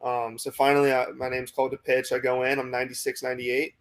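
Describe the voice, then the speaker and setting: A young man with an American accent, a minor league pitcher telling a long story in a casual interview, full of "like" and "um". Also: monotone, quick pace. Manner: rambling, many fillers like "like" and "um".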